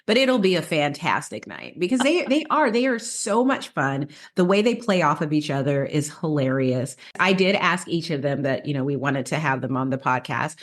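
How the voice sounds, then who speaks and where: A woman's voice: sits low, lively intonation, normal speed, hardly any pauses. A woman co-hosting a casual podcast, telling stories in a chatty way with many restarts and laughs. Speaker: podcast co-host.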